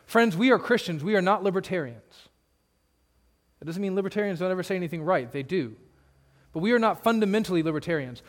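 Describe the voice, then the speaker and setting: Guy preaching a sermon, higher pitched, earnest, swings from loud to hushed. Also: animated, fast talker. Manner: earnest, emphatic preaching with sudden drops to a low hush. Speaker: pastor. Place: church.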